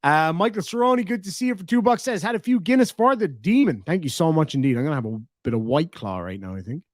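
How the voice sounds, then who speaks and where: An Irish man reads through viewer comments on a live stream, sarcastic and quick to swear. His voice sits a bit high for a man, and the sound is dry and close with no room echo. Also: lively intonation. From Ireland. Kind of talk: casual live stream chat.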